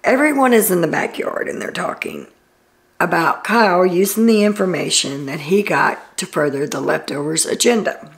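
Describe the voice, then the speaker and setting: A woman's voice: fairly low pitch, lively intonation, moderate pace, vocal fry. A woman hosting a casual reality TV recap, chatty and opinionated as she loosely retells the day's events with fillers.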